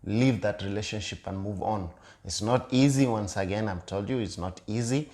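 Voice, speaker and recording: A man co-hosting a casual relationship discussion with his partner. His voice sits on the low side, and his delivery is earnest. He comes back to the same point several times and hesitates with fillers. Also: moderate pace, darkish tone. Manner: earnest, repeats key points with many fillers. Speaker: co-host of a couple's channel. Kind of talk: casual chat.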